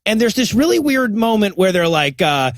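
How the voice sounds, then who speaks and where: A high-pitched man riffs sarcastically on a bad movie, summing up scenes with deadpan jokes. He sounds dry and close to the mic, with no room around him. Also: normal speed, no room sound. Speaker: podcast co-host. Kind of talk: casual comedic movie riffing.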